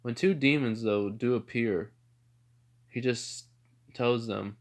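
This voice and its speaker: A man's voice: medium pitch, slow, pauses often. Rambling man telling a fan story. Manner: rambling, with frequent sighs and self-corrections. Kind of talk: casual improvised story narration.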